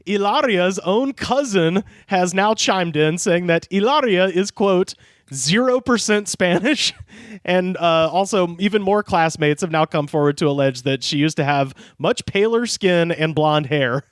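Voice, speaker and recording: A man's voice: sits high, a little slow, no room sound, clean studio sound. A man co-hosting a podcast in casual chat, laughing often and swearing as he recounts news stories. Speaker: podcast co-host.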